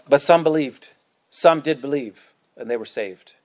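A man's voice: medium pitch, a little slow, darkish tone. A male pastor preaching a sermon outdoors at a church picnic, emphatic and declamatory, hammering points through repetition.

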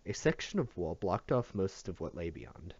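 Male amateur reader, low voice, plain reading with stumbles; dry lo-fi sound. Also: sing-song, moderate pace, darkish tone, slightly rough, no echo. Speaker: audiobook reader. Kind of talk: reading a novel aloud. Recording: dull dry lo-fi home recording.

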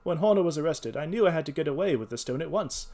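A man's voice: fairly high pitch, animated, quick pace, mellow, pitched above the performer's own voice. A man voicing a frightened young hotel thief who begs and pleads in a trembling voice. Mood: confessing. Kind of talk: read-aloud character voice.

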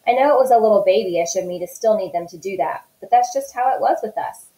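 A woman teacher reading a children's novel aloud in a calm, steady way. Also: mid-range voice, a little fast. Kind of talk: read-aloud book narration. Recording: echoey room.

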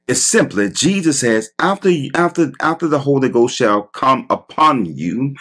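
A man preaching a sermon as pastor, stretching out emphatic phrases with a husky voice. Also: medium pitch, lively intonation, measured pace, few pauses, a bit bright.

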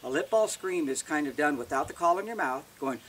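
A man's voice: a little high, expressive, a little fast, fairly bright tone, far from the mic, slight background noise. A man giving a casual, plain-spoken how-to demonstration as an elk-calling instructor, often restarting words.

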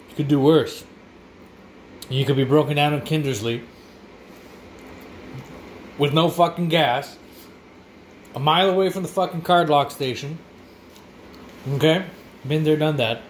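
A man's voice: fairly high pitch, a little slow, long pauses. A man, casually reviewing food in a vlog with crude, profane, rowdy banter. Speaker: vlogger. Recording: faint background noise.

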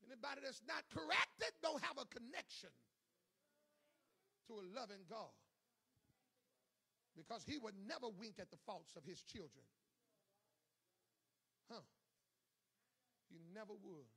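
High, gravelly preacher man, shouting. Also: lively intonation, unhurried, long pauses. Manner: swings from low murmurs to shouting; calls out to the congregation. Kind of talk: sermon. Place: church service.

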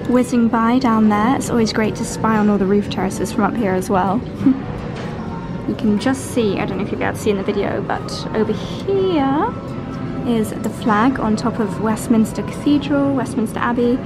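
A woman's voice: fairly high pitch, moderate pace. A woman, gushing with delight as she films a vlog tour of a luxury hotel room. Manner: gushing, breathless with delight, repeats exclamations. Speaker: fashion and lifestyle vlogger. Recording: music playing under the voice.

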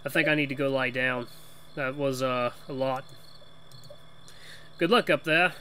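A man's voice: mid-range voice, fairly even intonation, unhurried, sharp tone, a little hiss or hum. A man voicing a weary male mouse from a video game in a put-on Boston accent, musing and conspiratorial. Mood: shaken. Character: weary working-class male mouse, tavern dweller.

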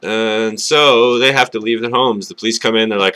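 A man talking casually to camera, alone indoors, swearing often and trying to speak up from a quiet mumble. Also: on the low side, brisk. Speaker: vlogger.

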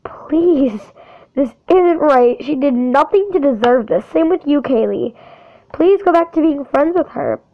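A woman's voice: high voice, animated, moderate pace. A woman filming a heated, defiant rant to camera for her channel, speaking with hard emphasis. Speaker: channel owner. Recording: dull lo-fi audio.

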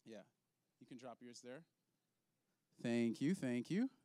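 A man's voice: medium pitch, lively intonation, slow, mellow, no room sound, clean studio sound. A man leading an object lesson for kids in a children's ministry, upbeat and playful, laughing often.

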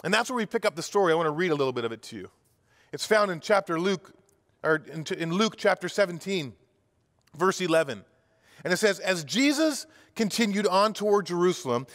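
A man's voice: sits high, fairly bright tone, in a large hall. A pastor telling a sermon story vividly, acting out the characters' cries and often restarting his words. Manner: vivid retelling with acted-out cries and frequent restarts. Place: church.

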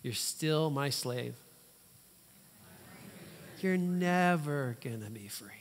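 A man voicing a sly, taunting male spirit tempter, in slow, low, mocking tones. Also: expressive, a little hiss or hum. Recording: long church hall reverb.

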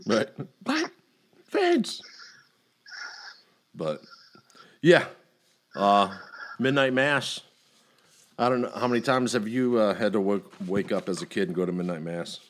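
Swearing, animated middle-aged man telling stories. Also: fairly low pitch, moderate pace, pauses often. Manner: animated storyteller who swears freely and acts out quotes. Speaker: podcast host. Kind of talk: casual storytelling chat.

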